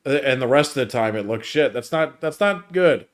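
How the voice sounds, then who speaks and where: A man co-hosting a casual movie review podcast who hesitates, repeats his words and lets his voice trail off quietly. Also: medium pitch, lively intonation, brisk. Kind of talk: casual chat.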